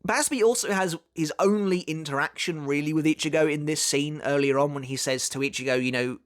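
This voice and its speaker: A man's voice: a little high, fairly quick. Chatty man analyzing an anime. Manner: chatty, with frequent fillers and restarts. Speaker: anime commentary YouTuber. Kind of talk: casual video essay analysis.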